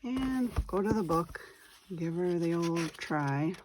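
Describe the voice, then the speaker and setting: A woman's voice: fairly low pitch, lively intonation, slow, darkish tone, a little hiss or hum. A woman hosting a casual craft tutorial, chatting and thinking aloud as she works, easy on her own mistakes. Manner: chatty, thinking aloud while working, self-deprecating. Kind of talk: casual step-by-step craft demonstration.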